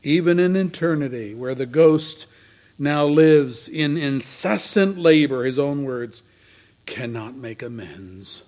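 A man preaching a sermon in a dramatic way, moving from loud emphasis to near whispers. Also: medium pitch, expressive, takes it slowly.

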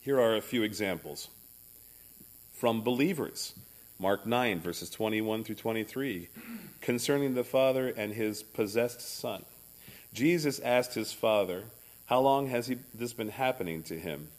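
A man's voice: fairly low pitch, measured pace. A male pastor preaching a sermon in a church, reading scripture passages aloud with shifting emphasis.

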